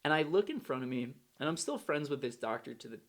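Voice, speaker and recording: Man, gravelly fry in the voice, candid slangy first-person storytelling. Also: a little high, lively intonation, fast talker. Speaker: storyteller recounting his recovery.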